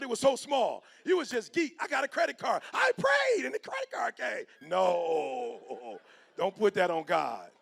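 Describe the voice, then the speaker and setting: A middle-aged man giving a motivational talk, animated and preachy, with slang, swinging from hushed to loud. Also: high voice, gravelly. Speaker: motivational speaker. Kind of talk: motivational speech.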